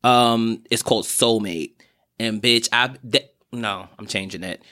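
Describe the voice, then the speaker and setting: A man's voice: on the low side, unhurried, pushed and bright. A young man co-hosting a casual chat, enthusiastic and slangy as he hypes a singer. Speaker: podcast co-host.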